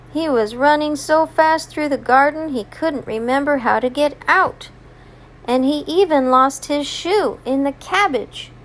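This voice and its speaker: A woman reads a children's story aloud in a high, gentle voice. She takes her time, leaning into each moment expressively. It sounds like a mom telling a bedtime tale. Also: slight background noise. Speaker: mother reading a story aloud.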